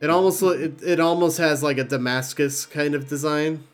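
A man's voice: fairly high pitch, moderate pace, faint music behind. Laid-back young man running a tabletop game. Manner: relaxed, rambling, swears casually. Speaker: game master.

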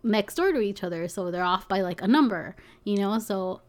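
A woman's voice: medium pitch, lively intonation, moderate pace. Young woman telling a story, says like a ton, casual and sweary. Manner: chatty, lots of "like" and "you know", swears, laughs often. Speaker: package delivery driver.

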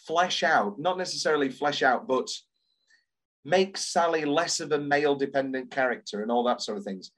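A man co-hosting a podcast, chatting with enthusiasm and restarting his sentences often. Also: medium pitch. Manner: animated, gushing, many restarts. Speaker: podcast co-host. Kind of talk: casual enthusiastic chat.

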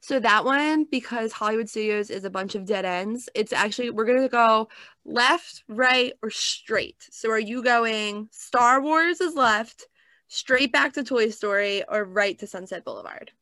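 A young woman co-hosting a casual chat, telling stories in an animated way with lots of "like.". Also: on the high side, measured pace, no room sound. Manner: animated storytelling with many "like"s. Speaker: co-host.

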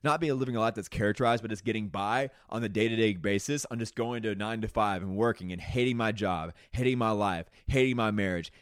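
A man's voice: lowish voice, quick pace, few pauses, smooth, no room sound, clean studio sound. Earnest young man with a lilt. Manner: casual, earnest, with fillers like "man", "dude", "y'all". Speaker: podcast host. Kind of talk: motivational podcast monologue.

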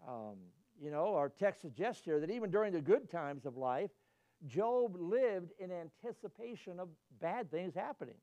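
A high-pitched man preaches a sermon. He tells homely stories in a folksy way and climbs to emphatic peaks when he presses a point. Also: lively intonation, moderate pace, mellow, lo-fi sound.

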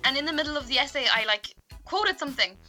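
Young Irish woman, high and very bright, giggly storyteller, soft music under. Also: animated, fast talker. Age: young adult. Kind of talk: casual chat.

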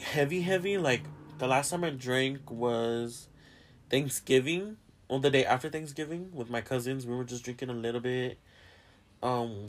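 A young man hosting a podcast in casual chat, rambling and swearing a lot and often laughing. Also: mid-range voice. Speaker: podcast host.

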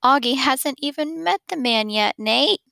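A gentle, reasonable mom in a storybook reading, voiced by a woman. She speaks softly and coaxingly, her tone bright with a gravelly edge, in a dry close recording. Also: sits high, lively intonation, measured pace, no echo, voice pushed up, heavily acted.

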